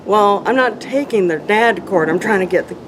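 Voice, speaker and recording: A middle-aged woman, an interview guest, earnestly and emotionally telling a personal story, with halting restarts. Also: mid-range voice, expressive. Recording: noisy background hum.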